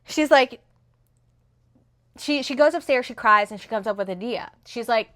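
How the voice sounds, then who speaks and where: Young woman recapping a book on her phone, kinda high voice, rambly, lots of "like". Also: normal speed, pauses often. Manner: rambling, animated retelling with many fillers. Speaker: book reviewer. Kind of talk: casual book review chat.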